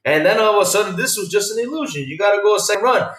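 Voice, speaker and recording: A man hosting a casual podcast chat, telling stories in an animated way that swings from loud to quiet. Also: sits high, rapid-fire. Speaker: podcast host. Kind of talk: casual chat with a live chat audience. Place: home room. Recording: roomy sound from a distance off the mic.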